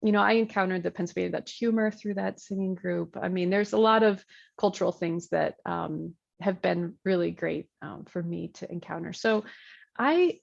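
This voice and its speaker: A woman's voice: on the low side, normal speed, creaky, muffled recording. A woman in her thirties from Michigan, a Lutheran pastor, talking casually in an interview, chatty, with frequent laughs and many fillers.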